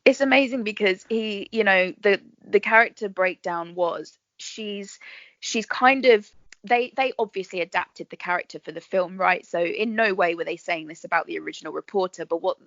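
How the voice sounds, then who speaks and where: A woman, a guest actress chatting in a podcast interview, bubbly and quick to laugh as she tells her stories. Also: medium pitch, a bit bright, no echo, dull audio. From England. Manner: chatty, bubbly storyteller who laughs often.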